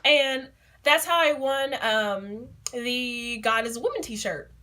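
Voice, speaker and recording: A young adult woman vlogger telling a story in a casual, excitable and giggly way, with many fillers. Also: a little high, takes it slowly, noisy background. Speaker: beauty vlogger.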